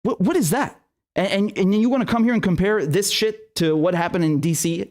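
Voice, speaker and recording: A man's voice: high voice, fairly quick, a little mellow. A young man hosting a political livestream, ranting angrily with heavy swearing and stammered restarts, and reading viewer messages aloud. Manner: furious, profane ranting with frequent stammered restarts; reads viewer super chats aloud. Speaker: political commentary show host. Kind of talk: angry livestream commentary.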